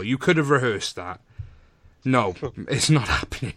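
A man's voice: medium pitch, expressive, measured pace, fairly bright tone, no echo. A man hosting a casual radio chat show, teasing his guest and reading out facts in a joking manner. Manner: jokey, teasing, reads facts aloud.

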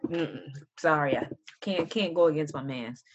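A low-pitched woman from the US East Coast chats loosely on a voice call, slangy and profane. Her voice comes through dull and lo-fi, like compressed call audio. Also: moderate pace, slightly rough. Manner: laid-back, slangy, profane. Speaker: host of a music listening call. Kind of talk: casual chat on a voice call.

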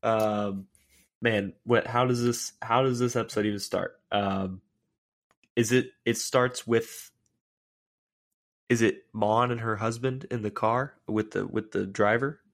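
A man co-hosting a casual fan podcast, retelling scenes excitedly with lots of filler words. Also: fairly low pitch, measured pace. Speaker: podcast co-host.

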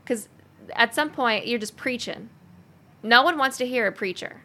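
A woman hosting a casual podcast chat, animated and chatty, with lots of likes and ums. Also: on the high side, normal speed. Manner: chatty and animated, many fillers. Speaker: podcast host.

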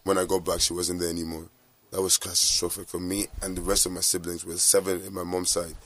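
Interview guest: Nigerian man, 30s, American-tinged accent, lowish voice, quick, earnest. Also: level tone, fairly bright tone. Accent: American-influenced Nigerian English. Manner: reflective, emotional, earnest. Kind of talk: personal interview recollection.

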